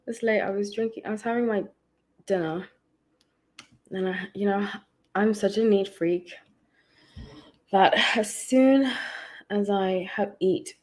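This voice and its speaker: A woman's voice: medium pitch, a little mellow. A woman hosting a casual tarot livestream from home, chatting with viewers and greeting them by name between rambling asides.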